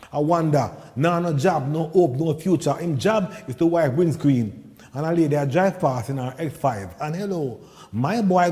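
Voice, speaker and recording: A man from Jamaica with a Jamaican accent performing a stand-up comedy routine, swinging from low asides to loud punchlines. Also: big-room sound.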